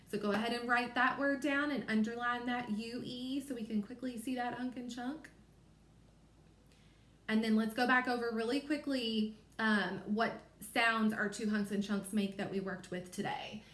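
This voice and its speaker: A woman with a Kentucky accent teaches first graders to read, sounding out each letter slowly and clearly. Her voice sits on the high side and is a bit bright, and the room has an echo.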